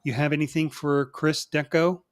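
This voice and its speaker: A man's voice: on the high side, steady tone, moderate pace, clean tone. A man co-hosting a live show who moves things along and reads out viewer requests. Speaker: co-host.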